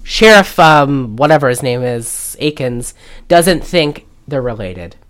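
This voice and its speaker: A woman's voice: rumbling low, expressive, takes it slowly. A woman co-hosting a podcast, retelling a movie in a loose, rambling way full of fillers. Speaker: podcast co-host. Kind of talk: casual movie recap chat.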